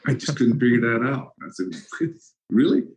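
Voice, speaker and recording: A former football player in his sixties, guesting on a casual interview, tells stories in a medium-pitched voice at a moderate pace. He laughs often and acts out his anecdotes, and the recording sounds rough.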